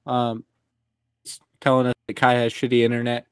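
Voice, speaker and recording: A man co-hosting a casual podcast over a remote call, making crude, halting remarks. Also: mid-range voice, monotone, clean tone, dry recording. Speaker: podcast co-host. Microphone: remote call with a dropping connection.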